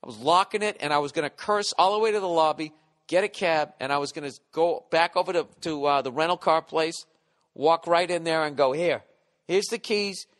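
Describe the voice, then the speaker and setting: A man hosting a podcast, telling a profane comic story in an animated, mock-ranting way. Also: a little high, a little fast, big-room sound. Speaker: podcast host.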